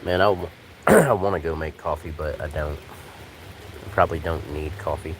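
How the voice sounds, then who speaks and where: A man chatting casually on a live stream from a porch, talking to his cats and his viewers in a relaxed, rambling way. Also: rumbling low, normal speed, poor audio. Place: outdoors on a porch in the rain. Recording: rain noise outdoors. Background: rain.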